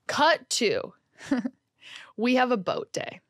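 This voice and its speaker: Lively, laughing podcast host woman. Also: on the high side, extremely slow, dry recording, clean studio sound. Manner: animated storytelling, laughs often. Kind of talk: casual chat.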